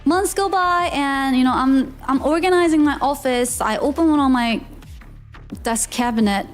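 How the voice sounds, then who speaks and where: Very high-voiced giggly woman streamer. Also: normal speed, faint music behind. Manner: animated, giggly, acts out the people in her story. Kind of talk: casual storytelling on a live stream.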